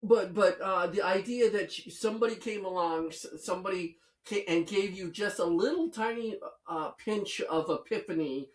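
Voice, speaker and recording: A man's voice: high-pitched, roomy sound. A man co-hosting a podcast, stumbling through false starts as he asks a question. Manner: halting, many false starts. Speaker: podcast co-host. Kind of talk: casual chat.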